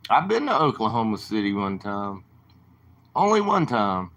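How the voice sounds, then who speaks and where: A man's voice: on the low side, big pitch swings, moderate pace, a bit bright. Drawling southern man chatting late-night. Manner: drawling, rambling, chatting to viewers. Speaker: livestream host. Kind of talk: casual late-night livestream chat.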